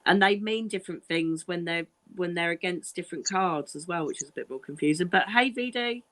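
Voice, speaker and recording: A woman's voice: lowish voice, brisk, a bit bright. A woman chatting casually on a livestream, filling time with bad jokes, giggly and sweary with lots of fillers. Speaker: stand-in co-host.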